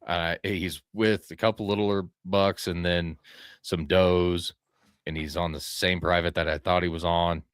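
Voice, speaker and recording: A man with a very low voice spins a long, loose story in a casual podcast chat. He swears freely and slips into acting out what he said. The sound is close and dry, with no room echo. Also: little pitch movement, unhurried, clean tone. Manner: profane, rambling, acts out his own quoted lines. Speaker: podcast host telling a hunting story.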